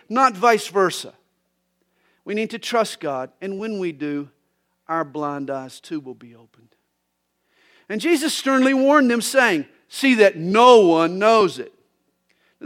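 Pastor, male, high-pitched, folksy joke-telling radio preacher. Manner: folksy storytelling, animated preaching. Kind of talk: radio sermon with jokes.

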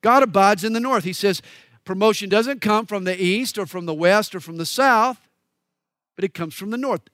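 A man from the American South preaching a sermon, emphatic and folksy, moving between loud declaiming and quiet asides. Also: sits high, moderate pace, no room sound, studio quality. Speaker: pastor.

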